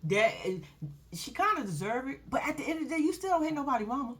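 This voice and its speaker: A woman giving casual, animated commentary on a reality show, laughing often and swearing freely. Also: on the high side, a little fast. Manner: animated, laughing, profane, sassy.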